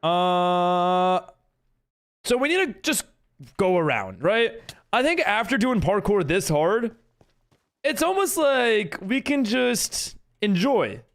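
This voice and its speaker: A man's voice: high voice, big pitch swings, slow pace, fairly bright tone. An American man chatting casually on a live game stream, reading and answering his chat as he builds. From United States.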